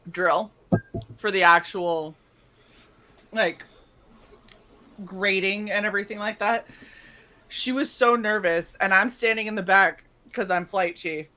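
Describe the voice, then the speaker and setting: A woman's voice: medium pitch, pushed and bright. A young woman co-hosting a casual stream, animatedly telling stories, swearing freely and acting out quotes. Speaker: stream co-host. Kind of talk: casual storytelling chat.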